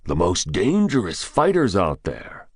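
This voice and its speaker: A man's voice: low voice, wildly swooping pitch, a little slow, slightly rough, dry recording, clean studio sound, heavily acted. A man voicing a blunt military officer who states the facts in an audiobook scene. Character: gruff male military officer.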